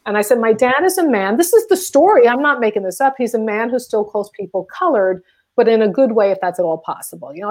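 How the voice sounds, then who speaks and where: Middle-aged female comic, higher voice, lively storytelling guest. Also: fast talker. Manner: animated, acts out quoted voices. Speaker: comedian guest. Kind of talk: casual chat, storytelling.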